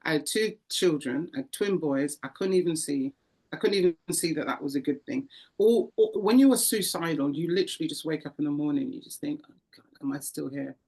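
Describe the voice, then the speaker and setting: Brief: low-pitched woman, interview guest, animated testimony with acted-out voices. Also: brisk. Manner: animated storyteller, acts out voices, frequent repetitions. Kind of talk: emotional testimony.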